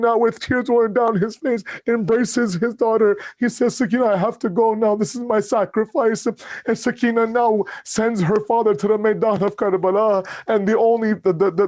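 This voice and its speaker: A man delivering an emotional mourning sermon at a memorial gathering, telling the story with rising feeling and closing in calm, low prayer. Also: no echo. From Canada.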